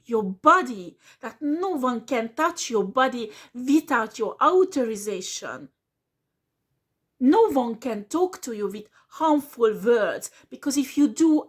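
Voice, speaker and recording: Woman, tarot reader, slow deliberate pace, earnest, repeats her points. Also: high-pitched. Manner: earnest, repeats herself, slips into French words. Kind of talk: casual spoken reading.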